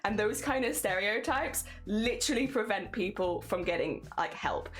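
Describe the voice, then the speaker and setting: A woman's voice: mid-range voice, animated, moderate pace, fairly bright tone, faint music behind. A woman with an English accent, chatting casually with her viewers while she crafts and laughing often. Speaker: craft streamer.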